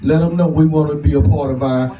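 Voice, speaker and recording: A man's voice: on the high side, fairly even intonation, fast talker. A man giving a rousing, preacher-like speech at a prayer breakfast, folksy and laughing at his own jokes. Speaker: advocate speaker. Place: event hall. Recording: echoey room from a distance, noisy.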